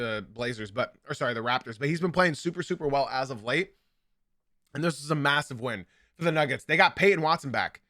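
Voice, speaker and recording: Young guy doing a sports pod, high bright voice, super animated, keeps repeating himself for emphasis. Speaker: podcast host. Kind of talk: sports podcast commentary.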